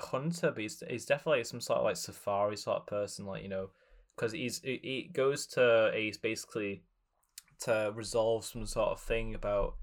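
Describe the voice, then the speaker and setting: A man co-hosting a podcast, chatting casually about films, hesitant and searching for words as he goes. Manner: hesitant, many fillers and restarts, jumps up in pitch. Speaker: podcast co-host. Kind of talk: casual film chat.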